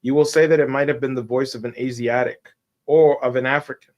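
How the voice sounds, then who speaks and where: Man, reading aloud, casual live stream, classic detective story, occasional stumbles and restarts, middle pitch. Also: fairly even intonation, fairly quick, highs cut off. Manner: reads a detective's long speech, stumbling and restarting on words.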